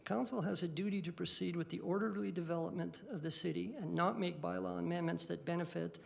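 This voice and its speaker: A man speaking as a city councillor, making a firm, deliberate argument in a formal council debate from a council chamber desk microphone. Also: high-pitched, fairly even intonation, vocal fry.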